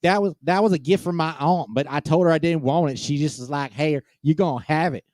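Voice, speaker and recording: A man's voice: on the high side, fairly quick, darkish tone, no echo, clean studio sound, close to an everyday voice. A man voicing a defensive, stubborn rural woman with a drawl and broken grammar.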